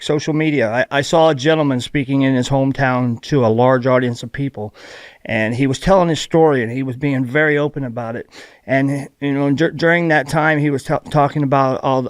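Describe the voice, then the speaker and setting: A man from Ohio speaking as a podcast guest, telling his recovery story in a halting, heartfelt way with many restarts. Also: medium pitch, no echo. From Ohio, USA. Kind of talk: candid personal recovery story.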